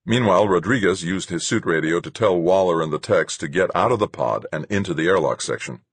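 Man, audiobook narrator, very low voice, husky, measured, dry studio sound. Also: dry recording. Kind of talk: first-person audiobook narration.

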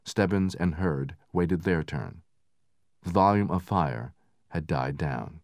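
A man narrating a book in steady, measured scripted narration, raising his voice for the soldiers' lines. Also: low voice, dry recording, studio quality. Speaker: audiobook narrator.

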